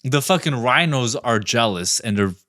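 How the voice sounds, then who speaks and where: A man's voice: mid-range voice, animated, normal speed, bright, forceful tone, no echo, studio quality. A man on a podcast, rambling through a crude, absurd comic story with lots of swearing. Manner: rambling, profane, tells absurd stories. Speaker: podcast panelist. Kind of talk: casual comedic storytelling.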